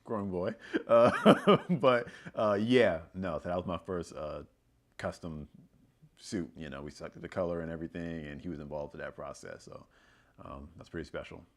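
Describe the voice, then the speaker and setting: A man's voice: sits low, normal speed. A man in his thirties chatting casually with his wife about their wedding, laid-back and teasing, often laughing. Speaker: co-host of a couple's channel. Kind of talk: casual reminiscing chat.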